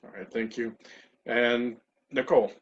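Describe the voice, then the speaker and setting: A slow, halting man moderating a panel. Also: medium pitch, steady tone. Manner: halting, asks questions in pieces. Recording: dull lo-fi video call audio.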